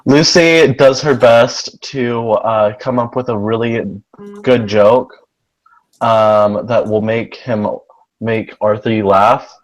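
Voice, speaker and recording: A man's voice: mid-range voice, steady tone, slow pace, low-quality recording. A man playing a tabletop role-playing game, narrating his character's actions in a hesitant way with many fillers. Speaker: player.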